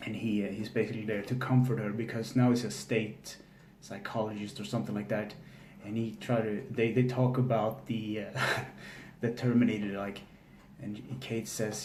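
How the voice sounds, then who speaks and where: A man recaps a film casually in a lowish voice, halting and flat, full of fillers and restarts. The echoey room carries a faint hum and ambience.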